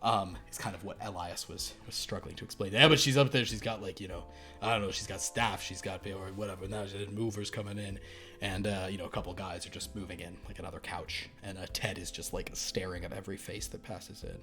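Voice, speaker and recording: A man narrating as game master of a tabletop game, with meandering, casual descriptions that trail off softly. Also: deep voice, fairly even intonation, fairly quick, music in the background.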